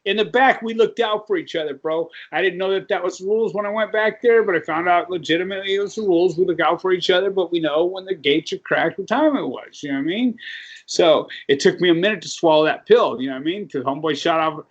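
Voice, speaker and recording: A man's voice: high-pitched, fast. A man hosting a podcast in casual, rambling chat, swearing often and asking "you know what I mean" again and again. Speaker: podcast host. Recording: dull lo-fi recording.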